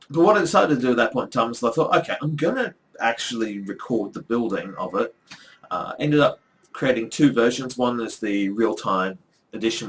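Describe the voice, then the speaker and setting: A middle-aged man talks to the camera in a loose, conversational vlog, with a voice sitting at a middle pitch. He wanders from thought to thought with frequent ums and dry asides. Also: a bit bright. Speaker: vlogger and academic. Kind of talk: casual chat to camera.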